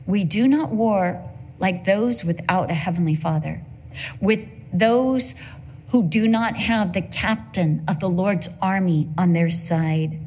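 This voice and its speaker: Slow, husky-voiced woman preaching. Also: medium pitch, a little mellow. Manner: earnest, emphatic preaching with repeated phrases. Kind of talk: sermon.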